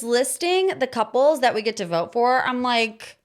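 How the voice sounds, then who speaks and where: A woman in her thirties hosting a podcast, giving casual pop-culture commentary in an animated, sarcastic, ranting manner. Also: a little high, measured pace, hardly any pauses. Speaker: podcast host.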